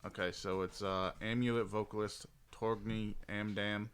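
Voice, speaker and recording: A man in a relaxed podcast chat with a very deep voice. He speaks bluntly and offhandedly. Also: normal speed, clear, resonant tone. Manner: blunt, reads search results aloud. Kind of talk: casual chat.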